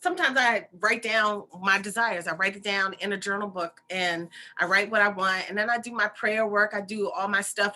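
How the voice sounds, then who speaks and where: A woman's voice: mid-range voice, noisy background. A woman hosting her own channel, giving casual spiritual advice in a chatty way, repeating phrases and checking in with listeners. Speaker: intuitive healer and channel host.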